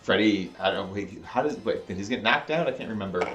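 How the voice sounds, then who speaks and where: Brief: excitable co-host, stumbles over words, faint background music. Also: male voice, on the low side, a little fast. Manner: excitable, stammering restarts, swears. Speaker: podcast co-host. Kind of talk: casual comedic chat.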